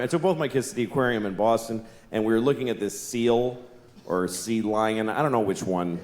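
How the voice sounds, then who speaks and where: A middle-aged man doing a stand-up routine, telling stories in an animated, exasperated way with plenty of cursing. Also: medium pitch, echoey room, a little hiss or hum. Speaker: stand-up comedian.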